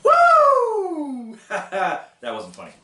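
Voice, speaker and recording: A man's voice: lowish voice, expressive, a little slow, a bit bright, slight background noise. A man hosting a casual food-tasting vlog, goofy and self-mocking as he jokes about snacks. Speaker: vlog host. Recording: echoey room from far off.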